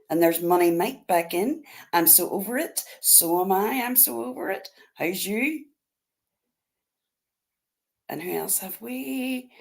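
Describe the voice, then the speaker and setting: A woman with a Northern Irish accent hosts a casual livestream, greeting her viewers one by one in an easy, chatty way. She takes her time, talking at an unhurried pace. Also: mid-range voice, darkish tone. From Northern Ireland. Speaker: livestream host.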